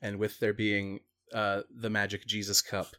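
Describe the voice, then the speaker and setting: A young man co-hosting a casual movie podcast, speaking in a hesitant, dry and halting way. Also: on the low side, completely flat delivery, fairly bright tone. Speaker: podcast co-host.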